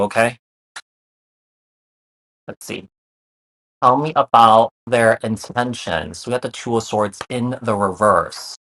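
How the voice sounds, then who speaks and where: A man's voice: mid-range voice, fairly bright tone. A man giving a casual tarot reading to his viewers, often repeating himself and using fillers like "you know" and "kinda". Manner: repeats phrases, many fillers, reassuring. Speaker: tarot reader.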